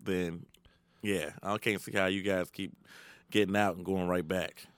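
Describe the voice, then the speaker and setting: A man's voice: low-pitched, little pitch movement, a little slow, clean tone, no room sound. A man co-hosting a podcast in casual, profane chat, joking animatedly and often mimicking the people he talks about. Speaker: podcast co-host.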